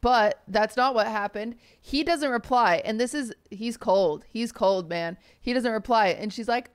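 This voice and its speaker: A woman's voice: measured pace, few pauses, clean tone. A young woman co-hosting a podcast, telling stories in casual chat and acting out the people in them. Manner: animated storyteller, acts out quotes in high voices. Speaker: podcast co-host.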